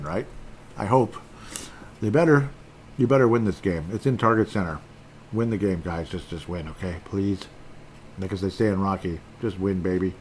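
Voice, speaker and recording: A man's voice: on the low side, slight background noise. A middle-aged man hosting a casual sports podcast, rambling through stats with frustrated, self-deprecating asides. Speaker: podcast host.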